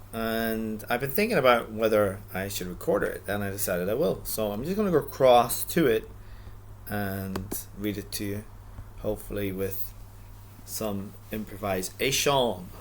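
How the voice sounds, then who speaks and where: A middle-aged man reading his own story aloud in a relaxed, reflective way, stopping often for rambling asides and restarts. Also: fairly low pitch, a little slow, slight background noise.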